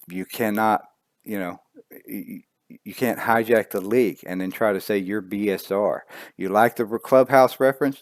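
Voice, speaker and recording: A man who runs an online racing league, speaking earnestly and emotionally, halting and repeating words as he talks to the members. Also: fairly low pitch, no echo, clean studio sound. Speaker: league admin. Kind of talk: emotional video statement.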